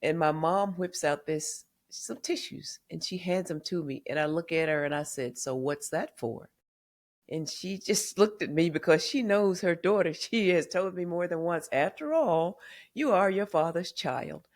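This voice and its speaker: A woman's voice: on the low side, expressive, moderate pace. An older woman from the American South, a memoir author and podcast guest, telling family stories candidly and acting out what her relatives said. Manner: candid storyteller who acts out quoted family members. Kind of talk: podcast interview storytelling.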